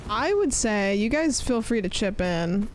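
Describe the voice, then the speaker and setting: A woman's voice: mid-range voice, animated, a little slow, a little hiss or hum. A young woman streaming a game, chatting casually and rambling as she answers her chat. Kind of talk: casual chat while gaming.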